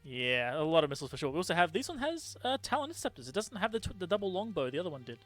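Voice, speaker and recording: A man casting a game tournament, excitable and laughing often, catching and correcting his own slips. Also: sits high, racing. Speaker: tournament caster. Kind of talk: casual game commentary.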